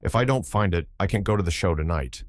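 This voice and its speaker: A man's voice: low-pitched, animated, quick pace, no room sound. A man voicing a sly teenage Southern servant boy who talks in a drawling dialect. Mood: wheedling.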